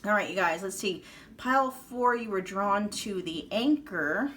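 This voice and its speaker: A woman's voice: mid-range voice, animated, measured pace, a bit bright, slight background noise. A woman with a Midwestern accent giving a casual tarot reading to her viewers, chatty and thinking aloud with many fillers and restarts. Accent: Midwestern American. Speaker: tarot reader.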